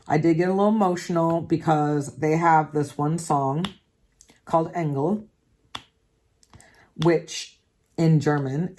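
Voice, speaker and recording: A woman's voice: sits low, dark tone. A woman hosting a diamond painting channel, chatting casually and candidly while she works, with the odd swear word. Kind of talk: casual chat while crafting.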